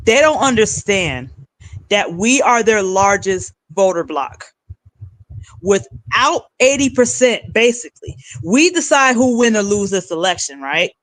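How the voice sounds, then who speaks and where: A woman's voice: medium pitch, sing-song, a little slow, fairly bright tone, dry recording, rough recording. A woman hosting a political commentary livestream, giving blunt, emphatic rants. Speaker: livestream host.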